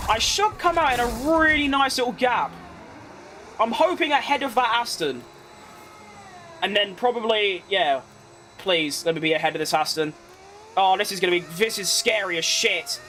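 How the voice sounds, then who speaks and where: Excitable high-voiced man racing. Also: moderate pace, slight background noise. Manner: excitable, exclaims at close moments. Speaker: gaming streamer. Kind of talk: live racing game commentary.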